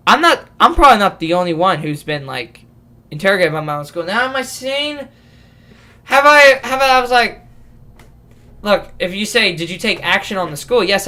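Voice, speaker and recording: Young man, late teens, bright voice, rambling casual rant, swearing, lots of restarts. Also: high voice. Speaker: vlogger.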